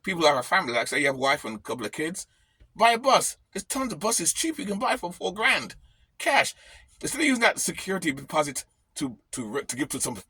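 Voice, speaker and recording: A man's voice: a little high, pushed and bright, breathy edge, no room sound. A man ranting bluntly on his vlog from his camper van, swearing freely. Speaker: vlogger.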